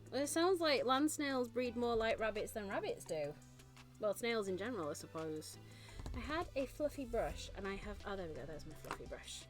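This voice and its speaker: A woman chatting casually on a live stream, gushing and laughing often. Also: fairly high pitch. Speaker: vtuber streamer. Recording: faint background music.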